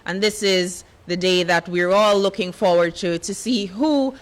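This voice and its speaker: A woman's voice: lowish voice, unhurried. Woman emceeing a formal ceremony. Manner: formal, reads a long list of greetings. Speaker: master of ceremonies. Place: conference hall.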